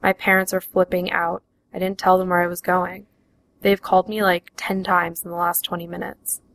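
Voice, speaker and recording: A flustered, anxious teenage girl, as a woman reading a memoir puts her on. She talks in a hurry with a gravelly fry. Her pitch stays mostly level. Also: level tone, moderate pace, fairly bright tone. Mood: worried.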